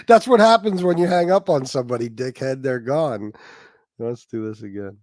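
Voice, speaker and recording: A man's voice: medium pitch, a little mellow, no echo, studio quality. A man hosting a livestream, giving a rambling, profane commentary full of fillers. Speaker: livestream host. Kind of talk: ranting commentary.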